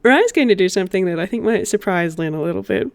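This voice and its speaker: A woman narrating as game master of a tabletop role-play game, in slow, gentle narration. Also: medium pitch, lively intonation, no echo.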